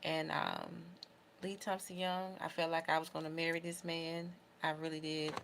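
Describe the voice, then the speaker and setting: This young adult woman is a beauty vlogger chatting casually to camera in a low, gravelly voice, and her delivery is emotional, heartfelt, and rambling, with a sing-song lilt at a moderate pace. Faint background noise runs beneath the recording.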